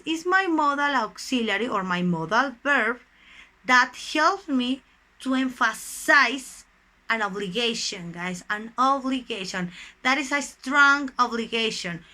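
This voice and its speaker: English teacher lady, talks real slow, bright forceful voice, keeps calling the class guys. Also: high-pitched, animated. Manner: slow, deliberate, stresses single words. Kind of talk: recorded online English lesson.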